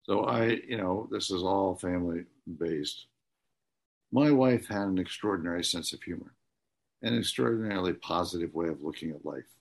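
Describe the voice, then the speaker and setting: A low-voiced man with a gravelly, husky edge tells stories as an interview guest. He talks earnestly and haltingly, stopping often as he goes. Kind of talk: conversational storytelling.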